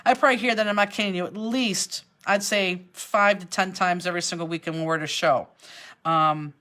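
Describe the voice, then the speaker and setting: Chatty, animated woman hosting a live craft class, lowish voice, laughs easily. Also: normal speed. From Cleveland, Ohio. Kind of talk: casual chat during a live online class.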